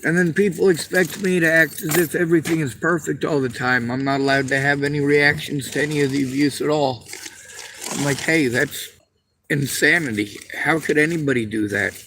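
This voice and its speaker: A man's voice: a little high, fairly even intonation, normal speed, fairly bright tone, slight background noise, rough recording. A man venting to the camera, distressed and near tears, swearing often.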